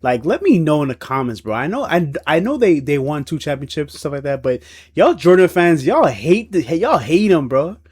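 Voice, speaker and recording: A man's voice: on the high side, moderate pace, husky. A young man hosting a reaction video, talking in loose slang, laughing and teasing as he comments. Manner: animated, laughing, slangy and playful.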